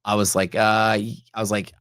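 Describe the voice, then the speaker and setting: A man's voice: fairly low pitch, flat delivery, normal speed, a bit bright, clear, resonant tone, no room sound, studio quality. A man hosting a live trading stream, telling rambling stories in a casual, chatty way with lots of "like" and "dude". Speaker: livestream host and futures trader.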